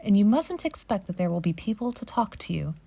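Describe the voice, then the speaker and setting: A stern, brisk housekeeper with a Yorkshire accent, as a woman reader puts her on, laying down the rules in a firm, matter-of-fact way. Her voice is mid-pitched and heard dry and close. She is a no-nonsense figure in a storybook reading. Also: sing-song, gravelly, dark tone, no room sound.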